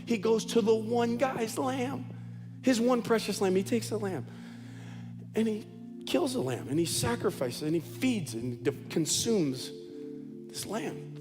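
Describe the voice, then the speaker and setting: A man's voice: high-pitched, expressive, unhurried. Male pastor preaching, repeats stuff for emphasis, big echoey church with music going underneath. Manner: emphatic storytelling with heavy repetition. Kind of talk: sermon. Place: church auditorium.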